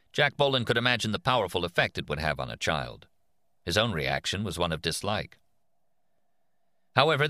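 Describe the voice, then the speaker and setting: A man with a very low but lively voice narrates an audiobook, reading in a measured, expressive way. His tone is bright and forward. It is a dry, close recording with no room sound. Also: no echo.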